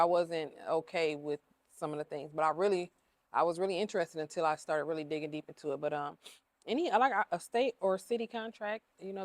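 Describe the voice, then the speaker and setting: A woman's voice: on the low side, no room sound. A woman who owns a cleaning business, talking openly in a casual interview, emotional and repeating herself with lots of fillers. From Ohio.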